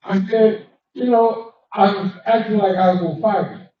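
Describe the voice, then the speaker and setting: A man's voice: high-pitched, fairly even intonation, normal speed. A man doing a stand-up comedy set in a cigar lounge, telling stories and acting out the dialogue. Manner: storytelling with acted-out dialogue. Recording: echoey room from far off, muffled. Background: live audience.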